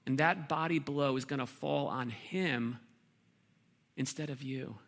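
A man preaching a sermon as pastor, earnest, with pauses and repeated words. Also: medium pitch, vocal fry, fairly bright tone.

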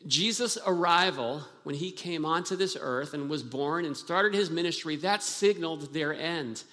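A man's voice: a little high, normal speed, fairly bright tone. A pastor preaching a sermon, earnest and emphatic, often restarting his phrases. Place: church sanctuary. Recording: long hall reverb from a church.

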